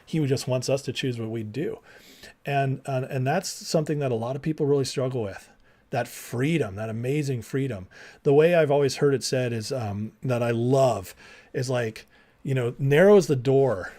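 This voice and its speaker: A man teaching a Bible class in a casual, animated way, acting out the people in the stories with slangy dialogue. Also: mid-range voice, normal speed.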